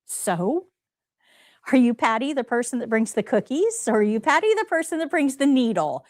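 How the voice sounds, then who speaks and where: Woman instructor, emphatic, questions the class, slightly high voice, dry close sound. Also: very animated, moderate pace, a little mellow, no echo. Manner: emphatic, talks straight to students with rhetorical questions. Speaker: CNA test prep instructor. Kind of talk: live class lecture.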